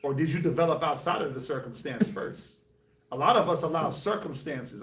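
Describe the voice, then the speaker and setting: A man from New York, Colorado and Jamaica, hosting a casual group discussion, telling animated stories with laughs. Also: a little high, normal speed. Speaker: host. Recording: echoey room, mic at a distance.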